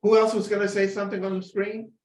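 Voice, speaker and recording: A man's voice: high voice, little pitch movement, quick pace, echoey room, slight background noise. A man leading a church class discussion, prompting others with short questions. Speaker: class leader.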